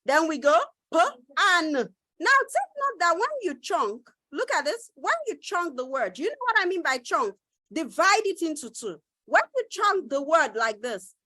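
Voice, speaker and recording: A woman teaching children phonics in an online class, cheerful and coaxing, repeating words slowly for them to echo. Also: very high voice, big pitch swings, bright, forceful tone. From Nigeria. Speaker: reading teacher. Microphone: close mic in a virtual class.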